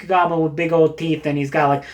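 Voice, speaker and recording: A man casually recommending books, rambling and jokey, getting animated as he retells a story. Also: on the high side, fairly quick. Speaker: book reviewer. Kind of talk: casual book recommendation talk.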